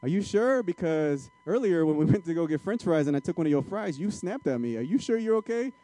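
A worried wife pressing her sulking husband with insistent, pleading questions, as a preacher puts her on. The voice is mellow and a touch raised and louder than his usual talk. It is part of a quick sermon skit. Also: fairly high pitch, expressive, lightly acted, low-quality recording. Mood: coaxing.

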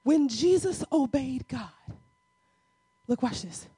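High-voiced woman preaching with fervor. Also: animated, slow pace, husky, no echo. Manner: swings from quiet teaching to shouted, crying exhortation; colloquial, addresses congregation as y'all. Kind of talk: sermon.

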